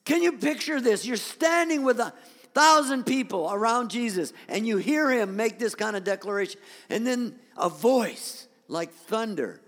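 A man's voice: high voice, animated, moderate pace. A man preaching a sermon, reading scripture dramatically and turning to the congregation with conversational asides. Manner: dramatic scripture reading, rising to near shouts. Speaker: pastor. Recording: long hall reverb.

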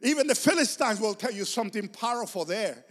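A high-voiced man preaches with fervor, his pitch leaping up and down as he presses each point. His voice rings out with a long reverb, as in a large hall. He keeps circling back to the same words for emphasis. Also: lively intonation, fairly quick, a bit bright. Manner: passionate, emphatic preaching with repeated phrases. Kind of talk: sermon.

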